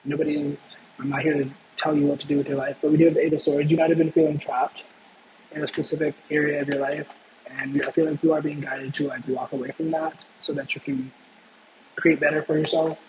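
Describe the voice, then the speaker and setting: A man's voice: on the high side, flat delivery, brisk. A man giving a casual tarot reading, rambling and playful, often breaking off mid-thought. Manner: rambling, playful, self-interrupting. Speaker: tarot reader. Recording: echoey room with faint background noise.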